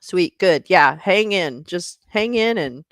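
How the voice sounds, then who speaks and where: A woman's voice: lowish voice, expressive, slow pace, no echo, studio quality. A woman hosting a casual livestream, chatting in a scattered way and swearing and laughing as she fumbles with her setup. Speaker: livestream host.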